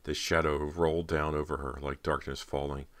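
A man narrating a horror audiobook in a steady, measured storytelling style. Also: rumbling low.

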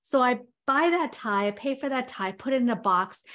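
A woman's voice: fairly high pitch, expressive, normal speed, fairly bright tone. Chatty woman motivational speaker. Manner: conversational, many "you know" fillers, builds vivid scenarios. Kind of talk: motivational talk with storytelling.

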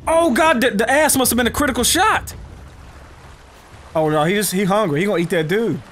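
A man with a Southern US accent giving profane, excitable let's-play commentary, yelping and shouting when startled. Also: sits high, fairly quick, a little hiss or hum. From United States. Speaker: gaming YouTuber.

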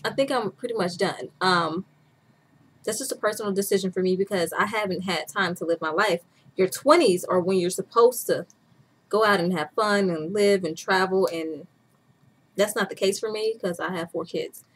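A woman's voice: mid-range voice, normal speed, husky. A woman in her twenties chatting candidly as a vlogger, laughing often as she talks. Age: 20s. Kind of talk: casual chat.

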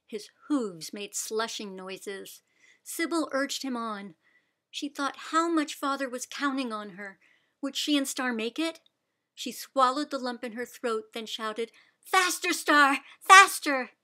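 A woman reading a children's picture book aloud with expressive, deliberate storytelling. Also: fairly high pitch. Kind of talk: read-aloud storybook narration.

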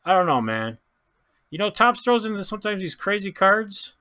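An excitable man talks through a pack break in a loose, chatty way, tripping over names and laughing as he goes. His pitch swoops all over and sits a bit high, and his tone is bright and forceful. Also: moderate pace. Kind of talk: casual card-opening commentary.

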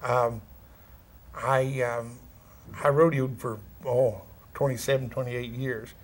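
A middle-aged man with a thick West Texas drawl, talking as an interview guest. He chats in a relaxed, folksy way, drops down-home words and chuckles now and then. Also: medium pitch, slow pace. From California. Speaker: actor and former rodeo cowboy, interview guest.

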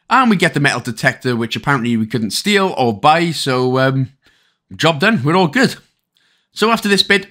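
A man's voice: on the high side, fairly bright tone. A Welsh man giving a chatty, casual game walkthrough, full of rambling asides and jokes. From Wales. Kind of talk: casual gameplay commentary.

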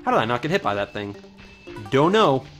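A man's voice: medium pitch, very animated, brisk, a bit bright, faint music behind. A man doing casual let's play commentary, joking and irreverent and cursing freely as he plays. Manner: joking, irreverent, swears often. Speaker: gaming commentator.

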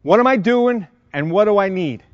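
A middle-aged man with a New York accent, lecturing a class of firefighters and quizzing them with quick questions. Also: high voice, lively intonation, no room sound. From Long Island, New York. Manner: quizzing the audience with rapid questions. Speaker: fire service instructor. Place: conference lecture room. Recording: dry, dull lo-fi sound.

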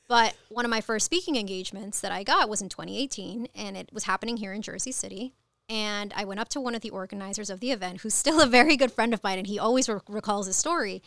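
Brief: woman in her thirties, originally from Ecuador, podcast guest with a frank storytelling style, mid-pitched and lively, dry close mic. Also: quick pace, vocal fry, dry recording. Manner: frank, animated, swears casually. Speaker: podcast guest, cannabis attorney. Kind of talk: candid conversational storytelling.

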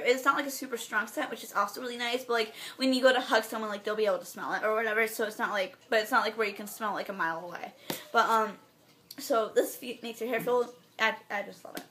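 A teenage girl chatting through her favorite products in a casual vlog, bubbly and gushing, rambling and often trailing off into soft asides. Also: on the high side, fairly even intonation, quick pace, a little hiss or hum. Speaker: beauty vlogger.

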